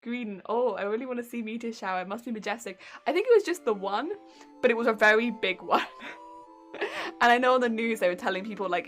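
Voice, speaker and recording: A young woman with a British accent streams from home and chats with her viewers. Her voice sits a little high, and she talks in a giggly, rambling way. Faint music plays softly under her. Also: fast. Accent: British English. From England. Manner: giggly and chatty, reacting to chat. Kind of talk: casual live-stream chat.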